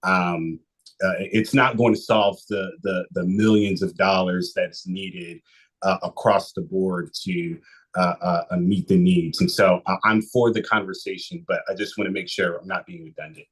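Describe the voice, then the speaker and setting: A man's voice: low voice, fairly even intonation, moderate pace, fairly bright tone, husky, poor audio. A man speaking as a city commissioner in a public meeting, apologetic and hesitant with many restarts.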